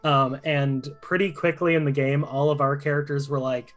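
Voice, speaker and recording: A man talking casually while creating characters for a tabletop game, rambling with lots of pauses. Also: on the high side, flat delivery, fairly bright tone, soft background music. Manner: rambling, many fillers and restarts. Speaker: game player and host.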